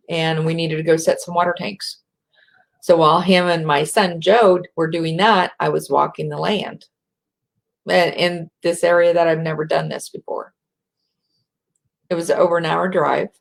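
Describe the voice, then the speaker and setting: A middle-aged American woman with a slight rural twang, speaking softly and reflectively as a spiritual speaker, sometimes dropping into a whisper to guide breathing. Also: on the low side, gravelly. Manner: slow, soft, drops to a whisper at times.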